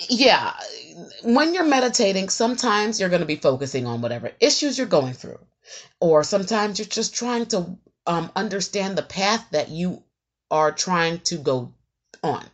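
A young adult woman talking casually and candidly to her viewers, with frequent ums and some swearing. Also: fairly low pitch. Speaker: meditation vlogger. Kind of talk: casual talk to camera.

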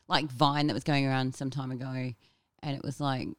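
A podcast co-host chatting casually, joking and giggling, quick with one-liners. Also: mid-range voice, flat delivery, a bit bright, dry recording. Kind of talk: casual chat.

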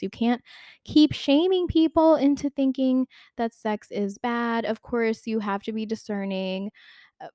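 A woman's voice: mid-range voice, warm tone, no room sound, clean studio sound. A young woman talking frankly to the camera in a casual question-and-answer vlog, full of "like" and little laughs. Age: young adult. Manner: chatty, filler-heavy with "like", giggly, frank. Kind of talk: candid casual Q&A monologue.

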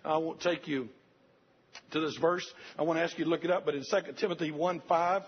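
A man's voice: fairly high pitch, steady tone, a little fast, a little hiss or hum. An older man preaching a sermon, earnest and repetitive, speaking straight to the congregation. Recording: dull lo-fi recording.

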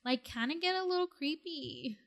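Chatty podcast co-host, a woman with a slightly high voice, loose and easily spooked. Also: lively intonation, normal speed, a bit bright. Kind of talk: casual chat.

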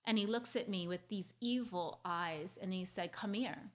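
Earnest woman telling her story. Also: lowish voice. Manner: earnest, quick and confiding, with restarts. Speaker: speaker sharing a personal story. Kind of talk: heartfelt personal storytelling.

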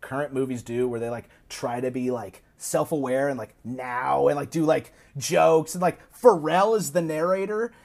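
A man chatting as a podcast guest, animatedly retelling a film plot and slipping into quick put-on voices for the characters. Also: medium pitch, vocal fry. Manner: animated, recounts plots with quick put-on quotes. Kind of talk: casual storytelling chat.

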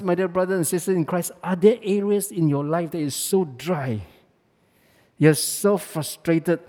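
A man delivers a sermon in a fairly high, mellow voice. He talks emphatically, stumbling through restarts and fillers. His voice rings with the long reverb of a large hall. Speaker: preacher.

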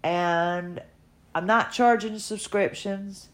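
A woman's voice: medium pitch, steady tone, takes it slowly. A middle-aged woman talking earnestly and emotionally in a casual personal podcast monologue, encouraging her listeners. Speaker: podcaster sharing her health journey.

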